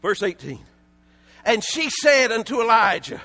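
High-voiced, bright, shouting preacher man. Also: big pitch swings, a little slow. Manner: impassioned, often shouting, repeats words in bursts. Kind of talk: sermon.

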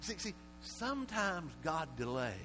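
A man preaching a sermon in a voice sitting a touch high, rising from hushed, low stretches into shouted appeals. He often stumbles over and repeats his words. A steady electrical hum runs beneath the recording. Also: measured pace. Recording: mains hum under the voice.

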